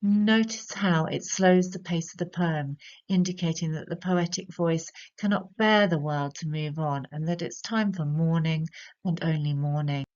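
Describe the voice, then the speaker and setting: A woman with a British English accent, giving a measured, explanatory literature lesson and slowing down to stress key words. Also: low-pitched, a little mellow. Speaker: literature tutor. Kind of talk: recorded poetry analysis lesson. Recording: slightly dull lo-fi audio.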